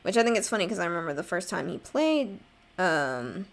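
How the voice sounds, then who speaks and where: A young woman with a fairly low, creaky voice chats with viewers in a casual livestream while drawing live. She's very animated and brisk, rambling along and poking fun at herself.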